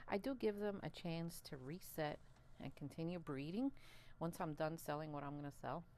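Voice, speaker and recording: A woman vlogging about her worms, chatty and excitable, laughing often, a little out of breath. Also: sits low, moderate pace, a little hiss or hum. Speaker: worm farmer and channel host. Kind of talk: casual chat to camera while handling worms.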